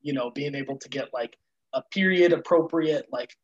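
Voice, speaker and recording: Man with a somewhat high voice, speaking as an interview guest over a muffled, lo-fi recording. He thinks aloud, stumbling over and repeating words as he explains. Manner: thoughtful, halting, repeats words. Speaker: guest writer. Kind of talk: casual conversational interview.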